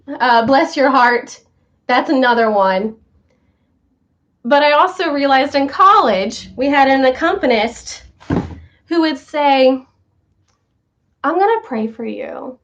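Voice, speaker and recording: A young woman hosting a casual talk show, chatting to viewers and telling animated stories with quoted voices. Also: sits high. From northern United States. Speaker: show host. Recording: slightly dull lo-fi sound.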